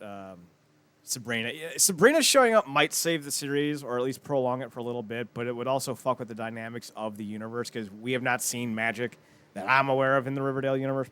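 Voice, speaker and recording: A man's voice: mid-range voice, brisk, clear, resonant tone. A man co-hosting a podcast in casual chat, telling stories with lots of swearing and laughter. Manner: profane, animated storytelling with laughter. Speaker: podcast co-host.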